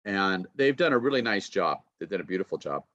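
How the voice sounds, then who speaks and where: A man teaching pronunciation in an online lecture, modeling words slowly and clearly and praising students warmly. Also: low-pitched, very animated. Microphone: video call. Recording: dull, dry online call audio.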